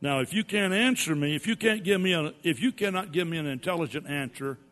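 A pastor preaching a sermon, his voice swinging between loud rises and quiet drops. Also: fairly high pitch, a little fast. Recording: long hall reverb with mains hum.

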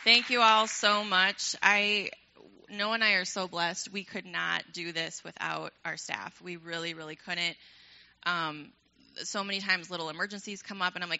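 A woman's voice: lowish voice, steady tone, moderate pace, sharp tone, dull audio. A young woman leading a ministry program, addressing a church in a casual, enthusiastic, chatty way with frequent laughter.

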